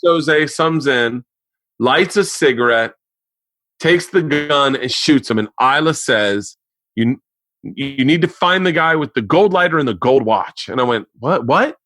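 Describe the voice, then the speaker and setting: A man's voice: medium pitch, a little slow, no echo. A man in his forties hosting a podcast, telling a story in casual chat, acting out quotes with lots of swearing. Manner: animated storyteller, swears a lot, acts out quotes. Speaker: podcast host. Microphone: remote podcast mic.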